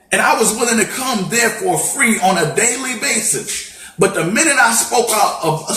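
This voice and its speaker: A high-voiced man delivers an impassioned podcast monologue, driving his points home with repeated rhetorical questions. The room around him is echoey, and a faint hiss sits under the voice. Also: pushed and bright. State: fighting back tears. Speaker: podcast co-host. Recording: roomy echo.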